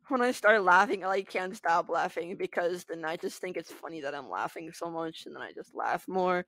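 A woman's voice: fairly low pitch, moderate pace, gravelly, few pauses, fairly bright tone, no room sound. A young woman giving casual, giggly commentary as she plays an online game, chatting to her viewers. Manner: giggly, bubbly, talks to viewers. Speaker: gaming video creator.

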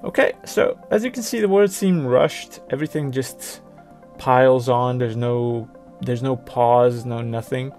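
A man presenting a software tutorial, talking through each step on screen in a plain explanatory way. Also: medium pitch, measured pace, faint music behind. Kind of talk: screen-recorded software walkthrough.

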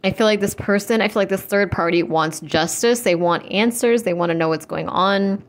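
A young woman giving a casual tarot reading, chatty and full of fillers, blunt and quick to swear. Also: mid-range voice, background noise. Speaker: tarot reader.

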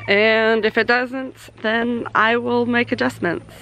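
A woman's voice: a little high, fairly even intonation, slow pace, over music. Stuffy-voiced woman chatting on her farm. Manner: chatty, talks warmly to her animals. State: stuffy from a cold. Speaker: homesteader vlogger. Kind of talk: casual vlog chat. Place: outdoors on a small farm.

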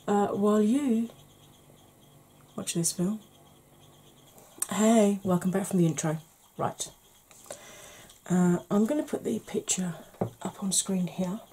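A woman in her forties hosting a chatty makeup vlog, talking in a self-deprecating, animated way. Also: mid-range voice, slight background noise. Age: 40s. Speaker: beauty vlogger.

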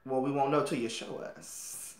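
Male reaction host, giggly and gushing, slow unhurried delivery, echoey room. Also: steady tone. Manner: giggly, gushing, frequent laughter; kept low to stay quiet. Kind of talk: casual reaction commentary.

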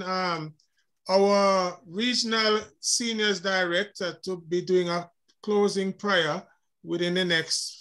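Bright, high-voiced pastor, a man, directing the service. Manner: brisk, directing the program. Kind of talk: presiding over a memorial service.

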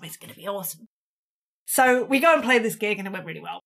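A woman's voice: mid-range voice, lively intonation, fast talker, bright, forceful tone. A British woman, a touring drummer, telling a story in a casual and self-deprecating way, acting out the quotes with energy. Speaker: podcast guest, touring drummer.

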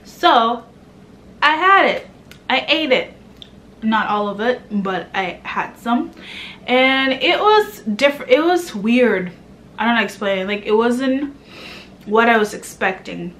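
A pregnant woman from Kenya vlogging in a chatty, animated way, now and then dropping to a hushed murmur. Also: fairly high pitch, a little slow, a little hiss or hum. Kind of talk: casual chat to camera.

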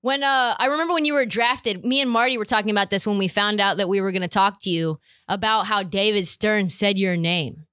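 A woman's voice: mid-range voice, fairly quick, few pauses, fairly bright tone, clean tone, dry recording, studio quality. A woman hosting a podcast interview, chatty and playful as she teases her guest. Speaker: podcast host. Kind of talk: casual interview chat.

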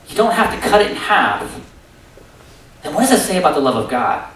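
A man's voice: fairly high pitch, fairly bright tone. A man preaching a sermon, telling stories with animation and acting out his own thoughts. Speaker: pastor. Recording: echoey room from far off.

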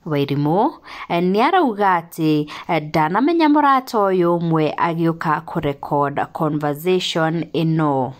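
A woman narrating gossip news, slowly and steadily reading out both sides of a phone call. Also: deep voice, expressive.

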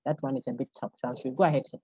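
A woman lectures over a video call, her low voice husky and mellow. She stresses points and keeps asking the class questions. The audio is dull and lo-fi. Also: fairly even intonation, racing, no room sound. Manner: emphatic, asks the class rhetorical questions. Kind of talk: online lecture. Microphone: computer microphone on a video call.

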